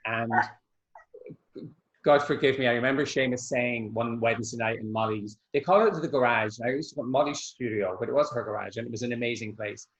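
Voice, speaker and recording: A man's voice: medium pitch, fairly quick, rough recording. A man, an Irish dance teacher, chatting in an interview and telling anecdotes over a video call. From Scotland. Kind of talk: casual interview chat.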